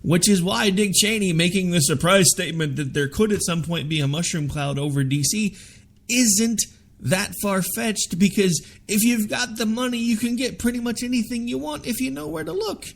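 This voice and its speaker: A man hosting a political talk radio show, arguing his views forcefully. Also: high-pitched, normal speed, gravelly. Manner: forceful, opinionated, argumentative.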